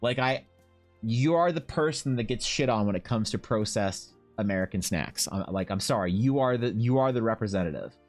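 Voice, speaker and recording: A young man talks casually to his stream viewers, his pitch swinging up and down as he rambles. He swears freely and fills his talk with likes and you-knows, over faint music in the background. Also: moderate pace. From Canada. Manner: rambling, animated, swears freely, lots of fillers.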